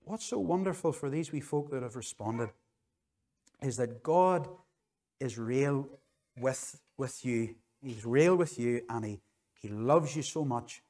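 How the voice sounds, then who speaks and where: A man's voice: medium pitch, unhurried, a little mellow. A middle-aged man with a Northern Irish accent preaching an earnest, conversational sermon in church that ends in an altar call. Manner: earnest, conversational, repeats phrases for emphasis.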